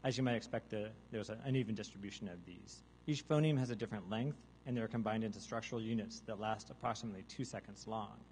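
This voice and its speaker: A man giving a deadpan mock science lecture to a live audience, now and then breaking into loud seagull caws and zombie groans. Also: on the low side, slight background noise, poor audio. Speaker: guest artist presenting research. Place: large hall with a live audience.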